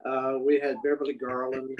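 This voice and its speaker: A man's voice: medium pitch, monotone, normal speed, highs cut off, a little hiss or hum. A man, a show creator, telling chatty anecdotes in a casual interview and laughing along.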